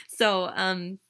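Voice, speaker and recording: A young adult woman casually telling a personal story to the camera, chatty, with many ums and restarts and animated quoted lines. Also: medium pitch. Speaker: vlogger.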